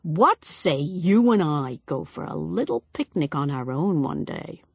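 A woman's voice: sits low, animated, measured pace, vocal fry, breathy edge, dry recording, exaggerated voice. A woman voicing a tipsy, overfamiliar middle-aged man who drawls jovially. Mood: leering.

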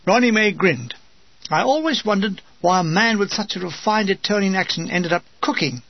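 Casting: older British narrator, wry and dry, high husky voice, dull dry lo-fi recording. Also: male voice, animated, moderate pace, dry recording. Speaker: memoir narrator. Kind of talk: reading a war memoir.

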